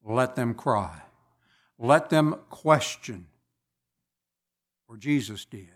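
This preacher, a man, delivers his sermon slowly and deliberately, drawing out his words with measured pauses between phrases. His pitch sits in the middle range, and his delivery is expressive.

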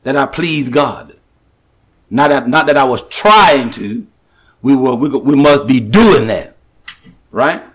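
A man preaching a sermon, emphatic and repetitive, slowing down to stress the scripture he quotes, with halting restarts. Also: medium pitch, expressive, fairly bright tone, husky. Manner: slows and rises to stress scripture.

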